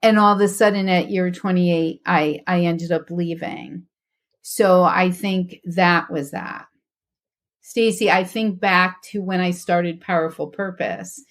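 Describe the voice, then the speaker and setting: A woman's voice: lowish voice, steady tone, measured pace. A woman guest on a faith podcast, talking earnestly and reflectively about her journey, with frequent restarts.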